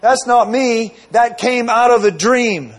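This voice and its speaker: This sermon comes from a man whose voice is notably high and whose pace is slow. His storytelling wanders, looping back with repeated phrases and asides aimed at the congregation.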